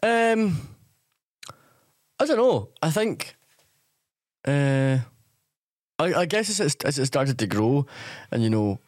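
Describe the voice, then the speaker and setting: A man who is a comedian, chatting as a podcast guest in a relaxed, agreeable way. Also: on the high side, slow, long pauses, no echo, studio quality. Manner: relaxed, agreeable, says "aye" a lot. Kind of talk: casual chat.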